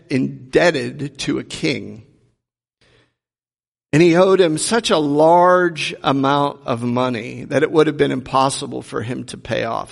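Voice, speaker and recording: Gravelly pastor preaching in a reverberant hall. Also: male voice, medium pitch. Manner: earnest, storytelling with rhetorical questions. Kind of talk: sermon. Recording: long reverb of a large hall.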